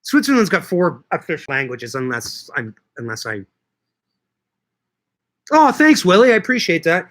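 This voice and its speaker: With a fairly bright, high voice whose pitch swoops wildly, a middle-aged Canadian market grower hosts a laid-back livestream at a moderate pace, pausing often. He answers viewer comments, cracking jokes and swearing casually.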